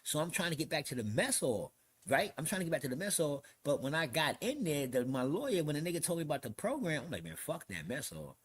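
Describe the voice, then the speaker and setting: A middle-aged man from New York telling a story in casual chat, animated and profane, often acting out the people he quotes. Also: on the high side, fast talker, slightly rough. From New York City. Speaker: podcast host telling a story.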